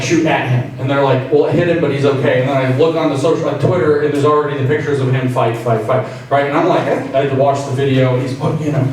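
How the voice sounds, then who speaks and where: A man's voice: mid-range voice, a little mellow. A man giving a joking, conversational speech to an audience at a meeting, acting out quoted voices. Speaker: invited speaker. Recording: very echoey room, distant mic, faint noise.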